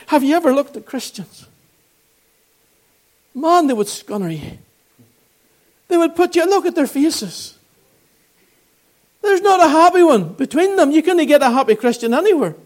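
A man in his sixties with a Northern Irish accent, preaching a gospel sermon and telling his own testimony with earnest, fervent appeals. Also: high-pitched.

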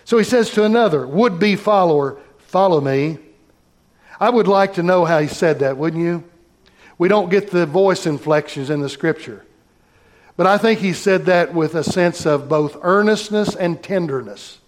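A man's voice: a little high, lively intonation, unhurried. A man pastor preaching a sermon, reading scripture aloud and talking directly to his congregation.

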